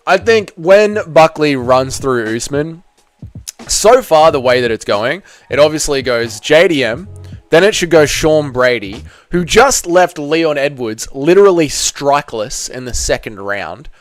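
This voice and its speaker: A man's voice: a little high, lively intonation, measured pace, no room sound, soft background music. A man hosting a casual live stream, reading chat and giving opinionated takes with frequent stumbling restarts.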